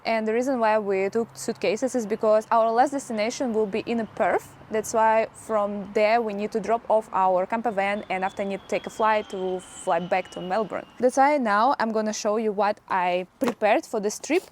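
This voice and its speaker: A woman's voice: mid-range voice, fairly even intonation, slight background noise. A young woman with a Russian accent, casually showing her packing in a travel vlog and laughing often. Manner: laughs often, lists items briskly. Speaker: vlogger.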